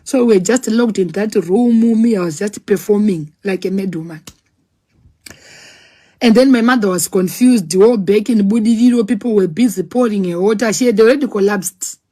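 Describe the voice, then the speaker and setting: A woman telling her own story in a dramatic, animated way, acting out scenes with sound words. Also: medium pitch, moderate pace. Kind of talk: personal storytelling.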